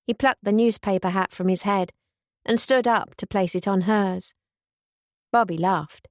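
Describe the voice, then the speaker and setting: A woman reading a novel aloud as an audiobook narrator, in an even, gentle storytelling manner. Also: mid-range voice, unhurried, dry recording, clean studio sound. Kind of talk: scripted narration.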